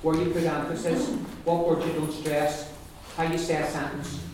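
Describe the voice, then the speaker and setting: A man's voice: fairly high pitch, little pitch movement, normal speed, a little mellow. A man teaching a language class, explaining in loose restarts and often checking with his students. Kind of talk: classroom lesson. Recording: echoey room from far off, noisy.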